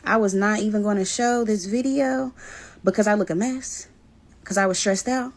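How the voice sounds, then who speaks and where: A woman sits and tells her followers a personal story time. She talks in a casual, blunt way and swears freely as she goes. Her voice sits in a middle pitch. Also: moderate pace. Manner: blunt, animated retelling with swearing. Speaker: storyteller vlogger.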